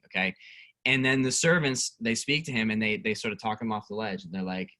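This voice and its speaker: Youth pastor, male, lower voice with a bright edge; relaxed, chatty teaching that reads passages aloud. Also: a little fast. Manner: conversational, reads scripture aloud, asks the group questions. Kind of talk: casual Bible study teaching.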